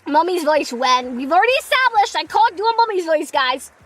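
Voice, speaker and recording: Playful young woman streamer, high bright voice, giggly banter. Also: very animated, faint music behind, rough recording. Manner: playful, giggly, quick self-deprecating banter. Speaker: streamer, part-time voice actor. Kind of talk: casual live-stream chat.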